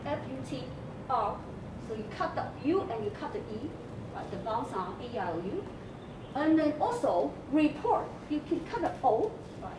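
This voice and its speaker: High, lively woman teacher from afar. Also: normal speed, distant mic. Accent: Hong Kong English. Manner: explains step by step, spells out letters, many fillers. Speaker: English teacher. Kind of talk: recorded class lesson on campus TV. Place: school room. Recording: echoey room, off-mic, faint hiss.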